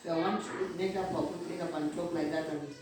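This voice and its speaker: A woman's voice: on the low side, steady tone, fast, a crowd in the background. A woman giving blunt, casual motivational talk about business, eating between points. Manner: direct, blunt, talks while eating. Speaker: vlogger. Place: indoor room, sitting on the floor. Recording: very echoey room, distant mic, faint noise.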